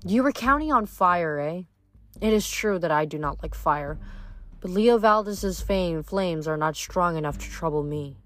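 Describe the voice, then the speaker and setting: A woman voicing a menacing male giant in a storybook reading, speaking slowly and emphatically. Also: fairly low pitch, expressive, fairly bright tone, soft background music. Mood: mocking. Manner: slow, drawn-out, emphatic delivery. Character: booming menacing male giant, cold and gloating.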